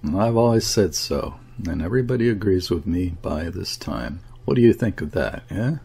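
A man's voice: low voice, lively intonation, normal speed, gravelly, warm tone, breathy edge, heavily acted. A man reading the part of a confiding, gossiping middle-aged hotel keeper in an audiobook.

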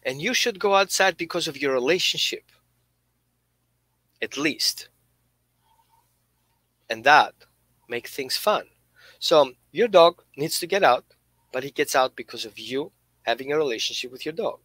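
Animated man explaining dog training. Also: a little high, unhurried, pauses often, no room sound. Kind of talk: instructional talk.

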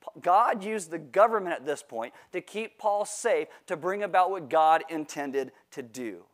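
A man's voice: a little high, lively intonation, unhurried. A male pastor giving a sermon, telling a self-mocking personal story in a joking way. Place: church livestream.

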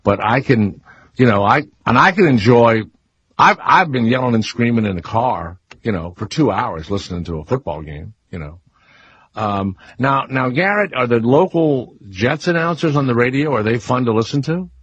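A middle-aged man with a softened Southern accent, hosting a radio talk show and telling lively stories. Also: mid-range voice, moderate pace, slightly rough, no room sound. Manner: animated storyteller, mimics announcers. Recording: dull, slightly lo-fi radio studio sound.

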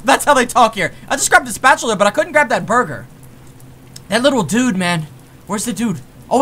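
A young man commentating a horror game let's play, excitable and jumpy, rambling through self-corrected asides and yelping when startled. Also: very high-pitched, fairly quick, faint music behind. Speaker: gaming YouTuber.

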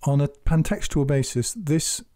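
A man giving measured, earnest spoken commentary on scripture, exhorting his listeners. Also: a little high, a little mellow, no room sound, clean studio sound. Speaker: Quran commentator.

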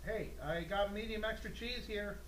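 A man's voice: sits high, normal speed, reverberant, very noisy, lightly acted. An actor playing an impatient, brusque male pizza delivery man in a radio play, complaining at a closed door.

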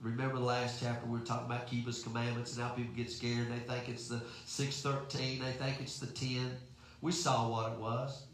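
A man's voice: medium pitch, completely flat delivery, fairly quick, a little hiss or hum. A man preaching a sermon in a folksy, emphatic way, asking rhetorical questions. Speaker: pastor. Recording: very echoey room.

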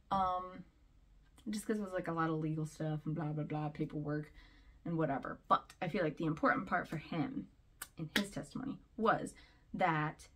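A woman with a fairly low-pitched voice talks her way through her opinions in a loose, rambling way. She is a vlogger giving casual commentary and laughs now and then between points.

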